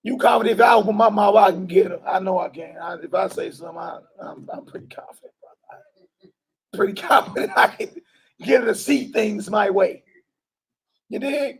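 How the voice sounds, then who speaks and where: Man preacher, very high voice, gravelly and husky, loud emphatic bursts, informal sermon. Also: a little fast. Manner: loud emphatic bursts, colloquial, laughs often. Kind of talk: informal sermon to a live group.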